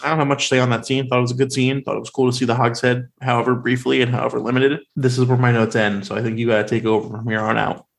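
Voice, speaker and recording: A man co-hosting a casual podcast, rambling with lots of fillers and animated questions. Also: medium pitch, rapid-fire, vocal fry, hardly any pauses. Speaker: podcast co-host. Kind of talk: casual chat.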